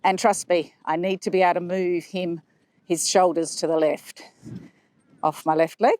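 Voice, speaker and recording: A woman horse trainer explaining her riding aids as she rides, calm and explanatory, with soft praise for the horse in between. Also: fairly low pitch, normal speed, no room sound. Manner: talking while riding a horse. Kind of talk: instructional commentary while riding. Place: riding arena.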